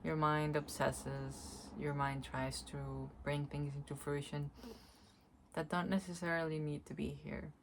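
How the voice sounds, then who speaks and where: A woman with a low voice talks very slowly in a soft, searching way, pausing to hunt for the right words. Her solo vlog drifts between reflection and light laughter. A faint room hiss sits under her voice. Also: little pitch movement. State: tearful at times. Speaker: spiritual vlogger. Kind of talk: slow reflective monologue, energy reading.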